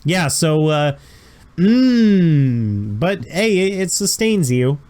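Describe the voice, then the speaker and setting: A man's voice: a little high, very animated, very slow, darkish tone. A man running a tabletop role-playing game as game master, narrating scenes in a casual, descriptive way. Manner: casual, descriptive, chuckling asides.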